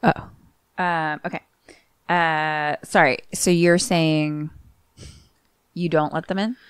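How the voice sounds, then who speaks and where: A low-pitched woman with a smooth, resonant voice, animatedly retelling a film in casual podcast chat. The sound is dry and close, with no room echo. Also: takes it slowly. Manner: animated retelling, acting out characters' lines.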